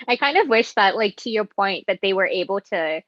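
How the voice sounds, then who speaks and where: A woman's voice: medium pitch, expressive, moderate pace, no room sound, muffled recording. A woman co-hosting a podcast, chatting casually in a reflective, hedging way. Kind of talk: casual chat.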